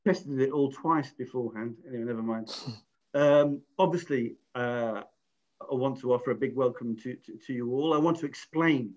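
A man's voice: mid-range voice, moderate pace, a little mellow. A middle-aged man from England hosting an online webinar, chatty and self-deprecating, often restarting his sentences. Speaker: webinar host. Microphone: video call. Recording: muffled lo-fi video call audio.

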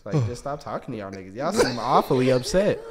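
A man's voice: sing-song, fast, crowd noise. A young man co-hosting a casual podcast, speaking bluntly and swearing freely, sometimes building into a rant. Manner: low-key, blunt and profane, rising into rants. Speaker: podcast co-host. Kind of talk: casual chat.

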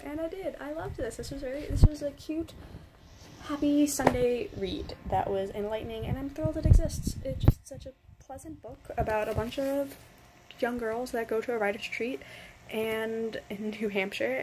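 A woman's voice: a little high, dark tone, slight background noise, poor audio. A woman in her twenties from New York, gushing about a book in a rambling casual review with restarts and casual swearing. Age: 20s.

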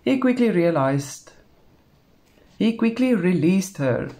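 Slow, mellow South African woman reading. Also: fairly low pitch. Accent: South African English. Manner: calm, unhurried narration with small slips. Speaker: storybook reader. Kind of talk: reading a novel aloud.

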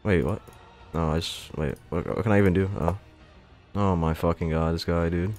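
A man's voice: low-pitched, steady tone, normal speed, darkish tone, faint music behind. A young man giving casual gameplay commentary, frustrated and self-mocking, swearing and breaking into jumpy outbursts. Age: young adult. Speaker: gaming YouTuber.

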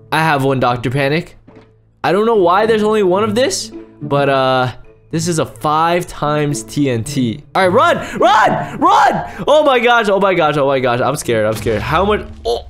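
Young man shouting over explosions. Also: on the high side. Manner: loud, jumpy, shouting and laughing at explosions. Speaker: gaming YouTuber. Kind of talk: excited gameplay commentary.

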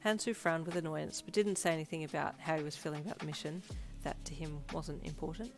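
A woman reading aloud a fanfiction story in a calm, even storybook narration. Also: sits low, quick pace, faint music behind. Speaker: fanfiction reader.

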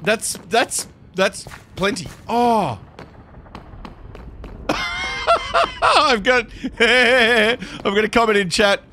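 A man giving live gameplay commentary, excitable and talking to himself, often yelping and laughing. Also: high voice, takes it slowly, hardly any pauses, background noise. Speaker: Minecraft streamer.

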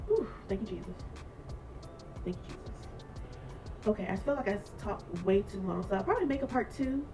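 A woman vlogger telling a workplace story in a sassy, animated way, laughing along as she goes. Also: medium pitch, a little fast, recorded from a distance, over music, low-quality recording. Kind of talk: casual storytime vlog.

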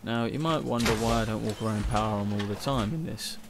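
A young man giving casual, excitable let's-play commentary at home, swearing often. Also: on the low side, fast, vocal fry, background noise. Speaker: gaming channel host.

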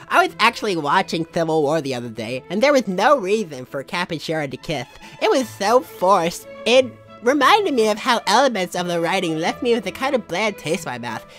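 A woman's voice: medium pitch, fairly bright tone. A young woman reading online posts aloud for comedy, dry and sarcastic, now and then bursting into mock outrage.

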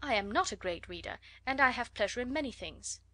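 A woman's voice: on the high side, lively intonation, a little fast, sharp tone. A woman voicing a spirited, witty young woman who speaks in a firm, poised way, in a storybook reading.

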